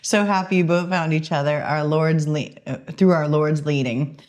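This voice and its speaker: A woman co-hosting a podcast in casual chat, playful and quick to laugh. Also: deep voice, fairly even intonation, a little mellow. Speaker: podcast co-host.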